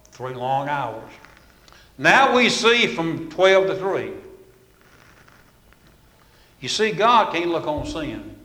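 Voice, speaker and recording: Guy preaching, storytelling, loud then hushed, lots of room echo. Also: a little high. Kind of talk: sermon. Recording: echoey hall with long reverb.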